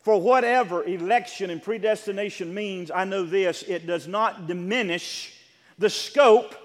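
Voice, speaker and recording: High-voiced male preacher, echoing hall. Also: a little slow. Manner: rising to loud emphatic repetition; drops to quiet explaining asides. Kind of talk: sermon. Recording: long reverb of a large hall.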